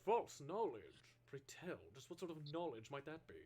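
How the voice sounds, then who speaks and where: A man voicing a pompous gentleman inspector who speaks in a grand, formal way. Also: fairly high pitch, sing-song, moderate pace. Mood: inquiring.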